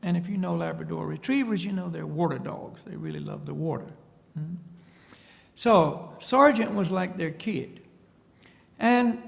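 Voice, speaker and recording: A man's voice: high-pitched, creaky, long reverb tail. A man, a spiritual teacher, telling a story in a lecture to an audience and often checking in with a questioning "see?". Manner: tags points with a questioning "see?".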